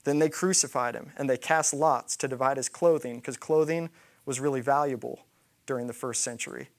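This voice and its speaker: A man's voice: mid-range voice, a little fast. A man preaching a sermon, retelling a scripture story and acting out the quoted lines. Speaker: pastor.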